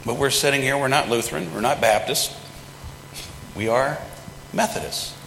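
Here a male pastor delivers a folksy, conversational sermon, voicing quotes in ordinary everyday language. His medium-pitched voice is creaky and a bit bright, moving at normal speed. Recorded in a large church sanctuary, the sound rings with long reverb over slight background noise.

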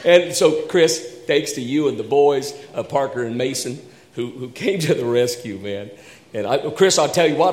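A man's voice: mid-range voice, roomy sound, big-room sound. A man, a pastor, leading a church service with thanks and spoken prayer. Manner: animated storytelling, then slow hushed prayer.

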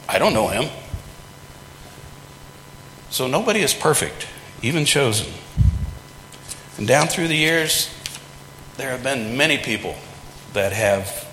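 A male pastor delivers a sermon in a relaxed, folksy way, slipping into playful voices for quoted lines. His voice is bright and forceful. It rings through a large church with a long, roomy reverb. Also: mid-range voice, a little hiss or hum. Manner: folksy, conversational preaching with acted-out quotes. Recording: echoey hall with long reverb.

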